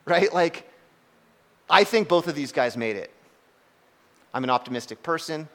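A young man preaching in a relaxed, chatty way, his voice sitting somewhat high for a man. He tells the story with animated energy, shouting out lines as he acts them. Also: moderate pace. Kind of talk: casual sermon storytelling.

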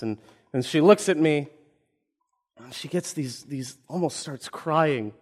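A man's voice: fairly high pitch, takes it slowly, long pauses, slightly rough. A man in his twenties, a pastor, giving a sermon with personal stories told with humor. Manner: storytelling, self-deprecating humor.

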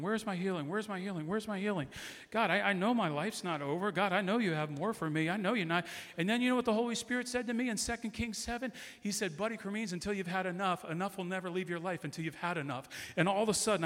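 Middle-aged guy preaching hard, high bright voice, lots of repeating, big reverb church. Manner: impassioned preaching with repeated declarations. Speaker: guest pastor. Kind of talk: sermon. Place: church sanctuary. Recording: long hall reverb.

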